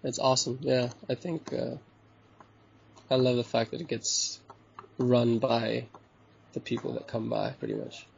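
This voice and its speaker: A man from Bali, a hostel owner being interviewed, talking in a loose, relaxed, rambling way with frequent chuckles and fillers. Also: mid-range voice, unhurried, gravelly, long pauses, a little hiss or hum. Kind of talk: casual chat interview. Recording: dull lo-fi recording.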